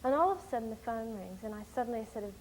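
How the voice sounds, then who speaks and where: Young woman, lively rambling chat, bit high-pitched, faint hiss behind. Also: rapid-fire, poor audio. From United States. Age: young adult. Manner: animated, rambling storyteller with many fillers. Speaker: interviewee, documentary film-maker. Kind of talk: casual chat.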